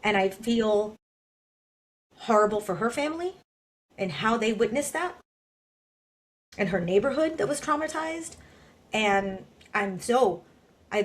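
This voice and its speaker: An earnest woman co-hosting a podcast, speaking with conviction at a mid pitch. Her delivery is impassioned and direct. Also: fairly bright tone. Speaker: podcast co-host. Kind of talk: podcast discussion.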